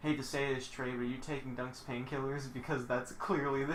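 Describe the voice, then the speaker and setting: A young man commentating a wrestling video game on a live stream, excitable and swearing a lot, shouting one moment and muttering the next. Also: mid-range voice, fairly quick, hardly any pauses.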